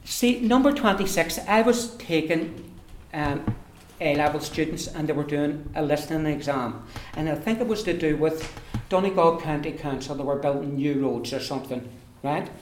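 Teacher drilling sounds in an echoey classroom. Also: male voice, a little high, slight background noise. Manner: drills words by repeating them slowly. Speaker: Irish language teacher. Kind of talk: classroom pronunciation lesson.

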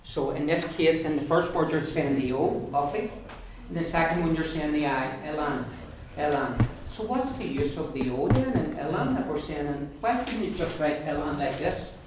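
An Irish man teaching an Irish language class, explaining pronunciation and repeating words slowly for his students. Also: on the high side, animated. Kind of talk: classroom lesson. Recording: echoey classroom from far off, noisy.

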